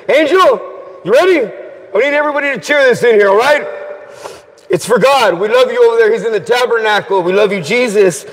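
A man giving an energetic Catholic faith talk, leading prayers and call-and-response chants and urging the crowd to cheer along. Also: sits high, breathy edge. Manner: rallying, exhorts the crowd to cheer and repeat. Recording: long reverb from a large hall.

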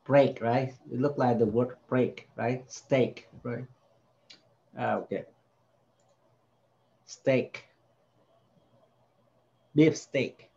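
A man's voice: medium pitch, steady tone, drawn-out words, gravelly, pauses often, darkish tone, dull audio. A man tutoring a child in spelling, patiently repeating each word and sounding out its vowels. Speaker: home tutor.

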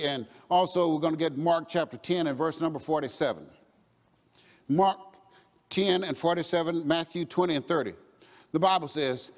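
A man with a high voice preaches a sermon in call-and-response style. At times he rises to a shout or a chanted refrain. The voice rings with long reverb in a church hall.

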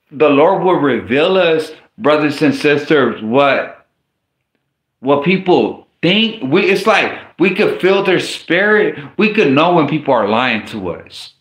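A man's voice: a little high, a bit bright. A man preaching an informal sermon and reading scripture aloud, speaking in a casual, slangy way with frequent stumbles and restarts. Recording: echoey room.

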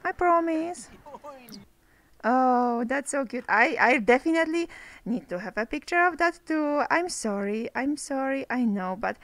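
Woman gamer, high bouncy voice, chatty play-by-play. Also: animated, measured pace, dry recording, rough recording. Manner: chatty, talks to game characters, exclaims over cute moments. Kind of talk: casual gameplay commentary.

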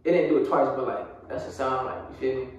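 A man's voice: medium pitch, fairly even intonation, quick pace, a little mellow, lo-fi sound, a little hiss or hum. Young man telling a story in an echoey room. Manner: casual, slang-heavy storytelling with frequent fillers. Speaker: vlogger. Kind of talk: storytime vlog. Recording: very echoey room, voice far from mic.

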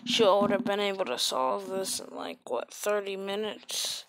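A woman's voice: mid-range voice, expressive, moderate pace. A woman giving casual, sarcastic gameplay commentary into a close mic, with sudden exclamations. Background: loud game music.

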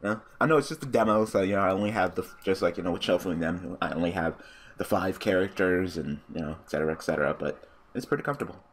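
A man giving casual let's-play commentary, cursing freely and breaking into loud, excited outbursts and laughter. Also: sits low, fast, a little hiss or hum. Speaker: gaming commentator.

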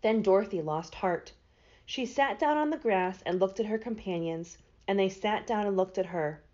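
A librarian reads a children's storybook aloud, her lively voice rising and falling through the narration. She sounds mid-pitched for a woman. The recording is dull and lo-fi. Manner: expressive.

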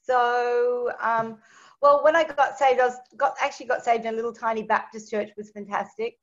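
A woman, a guest telling her personal testimony as a lively storyteller who acts out the dialogue she quotes. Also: a little high, moderate pace. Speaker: interview guest. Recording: dull lo-fi recording.

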